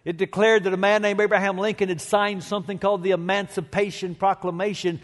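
A man preaching a sermon as pastor, slow and emphatic, swelling to loud climaxes. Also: high voice, level tone. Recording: long reverb of a large hall.

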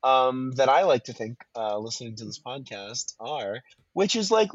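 Husky-voiced man rambling excitedly. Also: mid-range voice, moderate pace, no echo, muffled recording. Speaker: podcast co-host. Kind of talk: casual film review chat.

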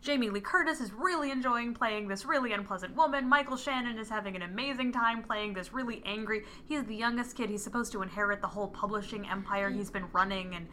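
A woman in casual chat, retelling a film's plot with lively acted-out lines. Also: mid-range voice, fast, hardly any pauses, a little hiss or hum. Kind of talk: casual movie recap chat.

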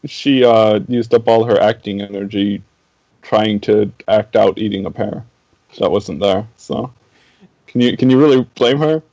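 A man's voice: fairly low pitch, measured pace, dark tone. Podcast guy, kinda stammery, dry jokes, no room echo at all. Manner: hesitant, stammering, dry humor. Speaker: podcast co-host. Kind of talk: casual chat.

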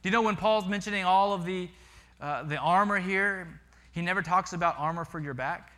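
A man preaching a sermon as pastor, animated, telling stories and often repeating words as he goes. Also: high-pitched, brisk.

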